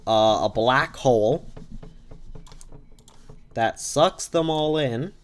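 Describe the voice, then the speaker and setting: A man's voice: mid-range voice, very slow. A man hosting a podcast, improvising a silly, rambling comic story and often correcting himself. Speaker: podcast host.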